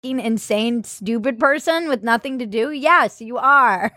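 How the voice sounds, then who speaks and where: A woman hosting a comedy podcast, talking bluntly and sarcastically with plenty of swearing. Her voice sits a little high. The sound is close and dry, with no room around it. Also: a little slow, pushed and bright, no room sound. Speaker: podcast co-host. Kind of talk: casual comedic chat.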